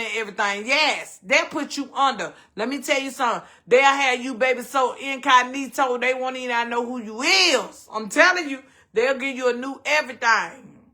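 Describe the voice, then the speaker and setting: A man with a Southern US accent, hosting a casual chat with viewers and calling them baby and honey in an animated way. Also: very high voice. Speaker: host.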